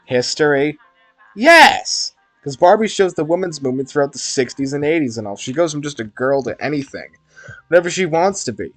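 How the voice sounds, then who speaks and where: A man reading the inner monologue of an anxious, self-conscious teenage schoolgirl in a visual novel, in a nervous, rushed way. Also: on the high side, expressive, dry recording, soft background music.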